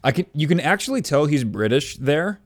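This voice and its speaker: A man's voice: a little high, sing-song, a little fast, faint music behind. Young male co-host, casual rambling storyteller, self-deprecating. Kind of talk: casual chat.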